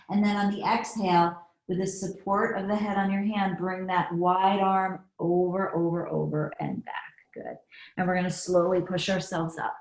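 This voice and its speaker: A woman with young kids teaching a pilates class. She gives calm counted breathing cues and adds chatty asides. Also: mid-range voice. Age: adult with young kids. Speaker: pilates instructor. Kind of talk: guided fitness class instruction. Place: fitness studio. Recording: echoey room.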